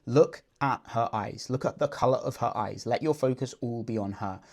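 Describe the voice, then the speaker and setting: A man's voice: medium pitch, moderate pace, vocal fry, darkish tone. Earnest man explaining dating advice. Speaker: dating coach. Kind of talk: coaching breakdown voice-over.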